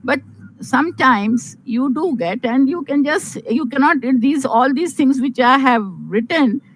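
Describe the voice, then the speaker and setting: An older woman with an Indian English accent talks in a measured, motherly way, giving marriage advice to young women. She speaks slowly and earnestly, and a faint background hiss sits under her voice. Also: sits high, rough recording. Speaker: guest advising on marriage.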